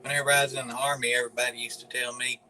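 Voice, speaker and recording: A man's voice: mid-range voice, little pitch movement, very fast, pushed and bright, slight background noise, poor audio. A man from northern Alabama with a Southern accent, casually chatting with viewers on a livestream in a laid-back, mumbly drawl. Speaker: livestream host.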